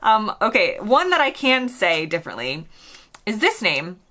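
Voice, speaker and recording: A woman's voice: mid-range voice, wildly swooping pitch, normal speed, bright, forceful tone. An American woman in her thirties, chatting in a casual, self-deprecating way as she hosts her own vlog. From United States. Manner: chatty, self-deprecating, often laughing at herself. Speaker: vlogger.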